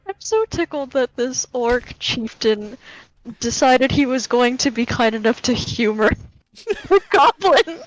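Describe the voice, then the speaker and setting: A woman's voice: sits high, animated, measured pace, poor audio. A woman player in a casual tabletop game, talking in a hesitant way with many restarts.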